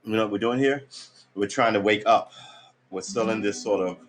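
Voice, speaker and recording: A fairly low-voiced man, talking a little fast over slight background noise, rambles through a story while practicing guitar. He's tired and just out of bed, laid-back, with casual cursing and trailing fillers.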